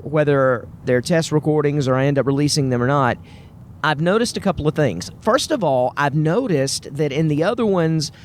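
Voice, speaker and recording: A man with a Southern US accent talks straight to his listeners in a solo podcast monologue. His voice sits a little high for a man, and his delivery is earnest, upbeat and chatty. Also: moderate pace, slight background noise. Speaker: podcast host.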